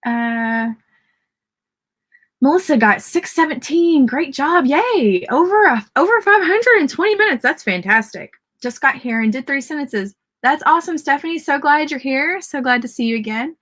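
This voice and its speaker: A woman with a Southern accent hosts a casual livestream writing sprint, her high, expressive voice bright and at a normal speed. Chatty throughout, she cheers on viewers' word counts and comments.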